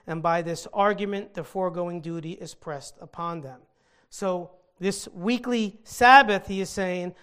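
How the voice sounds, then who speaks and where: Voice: mid-range voice, clean tone. A Bible teacher giving an earnest scripture teaching, stopping to explain the meaning of original-language words.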